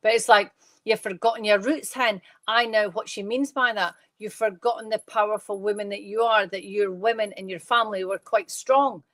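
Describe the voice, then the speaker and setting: A Scottish woman giving live psychic readings from her bedroom at home, talking fast and chatty, with rambling restarts. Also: medium pitch, steady tone, fairly bright tone, no room sound.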